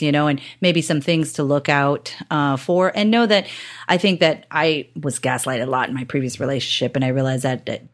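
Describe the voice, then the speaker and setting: Woman podcast host, low voice, casual, chatty interviewer. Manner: chatty, swears casually, acts out quotes.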